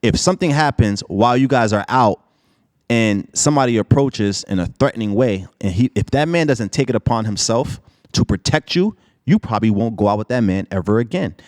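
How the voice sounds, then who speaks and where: A man's voice: medium pitch, animated, brisk, a little mellow, no room sound, studio quality. A man co-hosting a casual discussion, making his case assertively with rhetorical questions.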